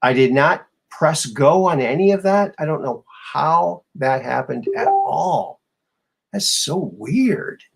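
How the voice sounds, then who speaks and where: A man's voice: on the high side, lively intonation, vocal fry, slightly rough. Guy hosting a loose live stream, jumpy and rambly, gets startled easy. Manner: startled, rambling, quick to exclaim. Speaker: host. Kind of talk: casual live-stream chat.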